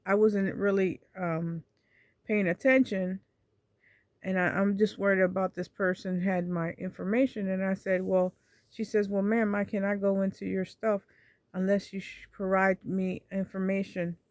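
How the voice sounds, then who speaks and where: A woman's voice: mid-range voice, flat delivery, normal speed, a little mellow, no room sound, studio quality. A woman telling a personal story in a casual vlog, rambling and retelling conversations with many restarts. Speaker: vlogger.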